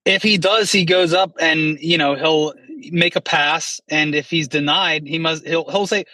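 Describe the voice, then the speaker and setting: A man's voice: a little high, fairly even intonation, unhurried, bright, forceful tone, dry recording, recorded from a distance, rough recording. A man guesting on a podcast, joking around and reading posts aloud. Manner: joking, reads tweets aloud. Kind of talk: casual chat.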